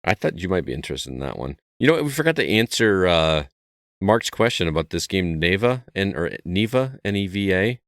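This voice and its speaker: Very deep-voiced easygoing man. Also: big pitch swings, fairly quick, vocal fry, fairly bright tone, no room sound, studio quality. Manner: easygoing, leads the talk. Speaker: podcast co-host. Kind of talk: casual chat.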